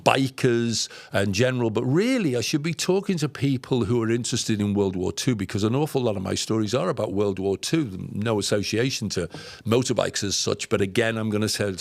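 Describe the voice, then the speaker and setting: Brief: low, gravelly male storyteller, dry close sound, halting and heartfelt. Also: no room sound. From England. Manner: emotional, halting, many fillers and restarts. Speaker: podcast guest storyteller. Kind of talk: casual anecdotal storytelling.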